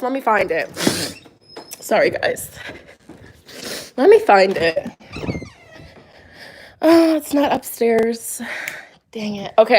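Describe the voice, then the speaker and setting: A woman's voice: high-pitched, fairly bright tone, slight background noise, poor audio. A young woman rambling and confiding in a casual vlog, often restarting her sentences and laughing. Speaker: tarot reader and vlogger. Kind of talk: casual chat to camera.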